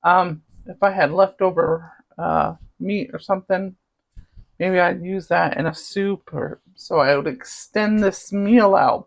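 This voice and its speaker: Speaking a little slowly in a lowish voice with vocal fry, a Southern-accented cooking channel host chats as she cooks at home. She tastes as she goes, humming appreciatively over every bite. The audio is dull and lo-fi.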